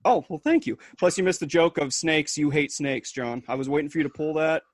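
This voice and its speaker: A man's voice: fairly high pitch, a little fast, no room sound, clean studio sound. A man co-hosting a podcast, chatting casually with a teasing, joking manner. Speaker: podcast co-host.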